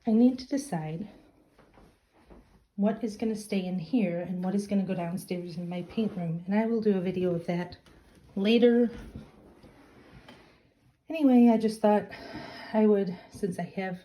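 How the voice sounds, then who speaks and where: A middle-aged craft and journaling vlogger, slightly winded, leads a casual handheld-camera tour of her home office with chatty, self-deprecating asides. Her mid-range voice is warm and a little slow, with frequent pauses.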